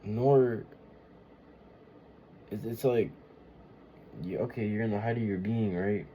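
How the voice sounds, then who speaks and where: A man's voice: fairly low pitch, slow, lo-fi sound, slight background noise. A man talking in a casual confessional monologue, rambling and emotional, often swearing and searching for words. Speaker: vlogger.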